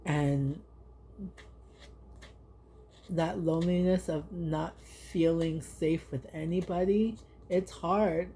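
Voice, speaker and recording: Low, slow-talking woman reading cards. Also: fairly even intonation, warm tone, slight background noise. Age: 30s. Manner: rambling, heartfelt, fills with "like". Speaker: tarot and oracle card reader. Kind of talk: casual spoken card reading.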